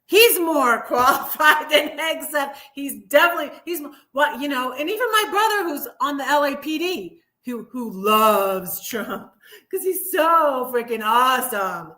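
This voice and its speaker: A middle-aged woman hosts a live stream, her high voice animated and sharp at a measured pace. She rambles sarcastically through a casual political rant, growing heated.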